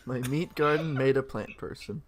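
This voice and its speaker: A man's voice: medium pitch, moderate pace, a little hiss or hum. A man playing a tabletop game with friends, tossing in wry remarks and quips. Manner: wry, quipping. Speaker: player. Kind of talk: casual tabletop game chat.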